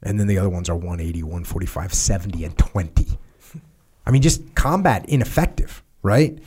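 A man's voice: low voice, lively intonation, brisk, darkish tone, husky. A man hosts a podcast, reading a soldier's memoir aloud. He breaks off in a conversational tone to explain details to his listeners before picking the story back up. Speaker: podcast host.

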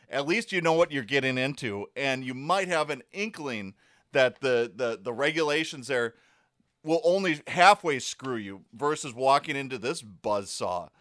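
A male podcast host in a sarcastic, fired-up rant, heavy on swearing and mocking asides. His voice sits at an ordinary middle pitch. The recording is dry and close, with no room sound. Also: normal speed, fairly bright tone, dry recording. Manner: profane, sarcastic, worked-up. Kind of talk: casual ranting commentary.

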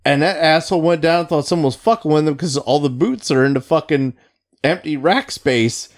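A man's voice: fairly high pitch, brisk. A man who served as a Navy petty officer, telling a profane story in casual chat with friends. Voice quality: swears constantly, animated storytelling.

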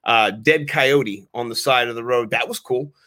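A man in his thirties co-hosting a podcast, telling rambling, animated stories in casual chat with some swearing. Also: mid-range voice, moderate pace. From Maryland, US. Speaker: podcast co-host.

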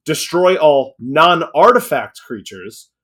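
A young man talks shop about a card game in a loose, rambling way. His voice sits on the higher side for a man. He restarts his sentences and sounds firmly opinionated. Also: expressive, slow, fairly bright tone. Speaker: card game podcast co-host. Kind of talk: casual card review chat.

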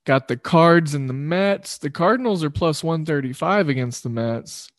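A man's voice: a little high, animated, normal speed, no echo, clean studio sound. A man hosting a sports betting show, rambling loosely through picks and correcting himself as he goes. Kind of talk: casual sports betting talk.

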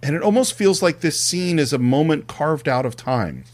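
A man's voice: a little high, expressive, moderate pace. A man co-hosting a film podcast, retelling scenes and acting out bits of dialogue in casual discussion.

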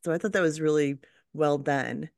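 A woman co-hosting a podcast, talking in a measured, reflective way. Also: deep voice, gravelly, darkish tone, dry recording, studio quality. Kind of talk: casual discussion.

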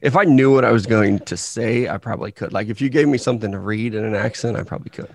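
A man's voice: fairly low pitch, fast talker. A man co-hosting a podcast in laid-back casual chat, joking along with the others. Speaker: podcast co-host.

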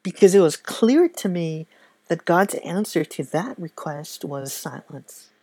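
Woman, personal testimony; soft-spoken, halting, reflective, and very slow-paced. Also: fairly low pitch, lively intonation, no echo. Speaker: speaker sharing a faith testimony.

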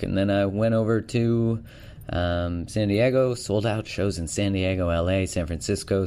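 A man's voice: deep voice, darkish tone. A man hosting his own podcast, talking in a loose, enthusiastic and chatty way with plenty of fillers. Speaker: podcast host. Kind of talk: casual podcast chat.

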